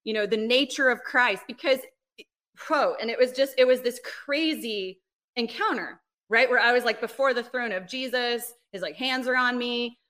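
A woman with a bright, sharp-edged voice speaks as a guest on a faith podcast. She tells a personal testimony in a lively, animated way, filling her talk with "like" and "right?". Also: a little high, moderate pace. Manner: animated storyteller, frequent "like" and "right?". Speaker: ministry leader, podcast guest. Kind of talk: casual interview, personal testimony.

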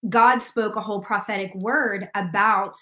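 A woman guest sharing a faith testimony in casual conversation, an animated storyteller who laughs often. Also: medium pitch, normal speed, echoey room.

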